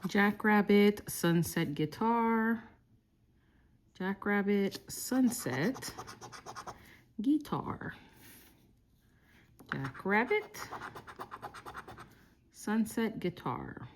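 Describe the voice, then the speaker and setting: A woman from Texas calmly murmuring through lottery scratch-off tickets, slowly listing each symbol as she checks. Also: mid-range voice, slight background noise. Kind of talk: calm scratch-off play-by-play.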